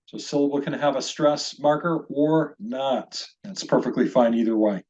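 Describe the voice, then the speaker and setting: A man of middling pitch leads a recorded lesson with patient, methodical explanations. He keeps inviting his listeners to read along and repeat after him. The audio sounds a little dull and lo-fi. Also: normal speed, a little mellow. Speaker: Hebrew teacher.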